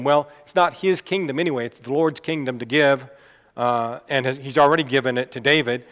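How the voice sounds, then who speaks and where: A man preaching a sermon in a casual, conversational way, pausing with fillers and asides. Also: mid-range voice, a bit bright. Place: church hall. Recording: long reverb of a church hall.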